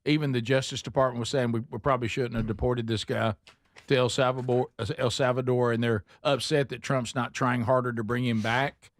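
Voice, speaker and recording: A man's voice: mid-range voice, fairly quick, no room sound. A man hosting a casual talk show, joking around and slipping into mock voices. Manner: animated, jokey, slips into mock voices. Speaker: host.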